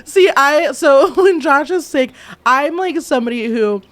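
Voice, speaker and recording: A woman's voice: sits high, lively intonation, measured pace. Giggly woman in casual podcast chat. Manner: laughs often, acts out quoted voices. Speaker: podcast co-host.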